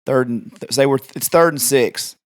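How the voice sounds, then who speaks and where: A man's voice: medium pitch, normal speed. A man hosting a podcast, chatting enthusiastically with his guest in a casual interview. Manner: chatty, enthusiastic fan talk. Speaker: podcast host.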